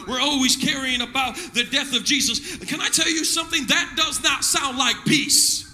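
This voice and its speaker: A man's voice: very high-pitched, fairly even intonation, normal speed, bright, forceful tone. A male pastor preaching a sermon, full of call-and-response and repeated phrases in front of a congregation. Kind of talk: energetic shouted sermon. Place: church service with congregation.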